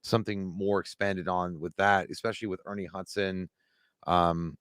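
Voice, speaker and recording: Live-stream co-host, male, lowish voice, dry close sound; casual, profane, rambling. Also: flat delivery, normal speed, fairly bright tone, no echo. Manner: loose, profane, rambling answers to chat. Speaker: live show co-host reading chat.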